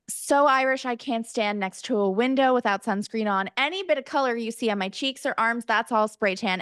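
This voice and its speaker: A woman's voice: a little high, no room sound, studio quality. A woman podcast co-host in casual chat, oversharing and telling stories with lots of energy. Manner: chatty, oversharing, animated storyteller.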